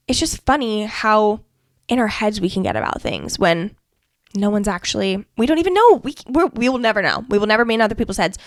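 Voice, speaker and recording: A woman's voice: medium pitch, dry recording, studio quality. Frank, profane woman podcast host. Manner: frank and profane, peppered with "like" and "okay". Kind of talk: casual motivational podcast monologue.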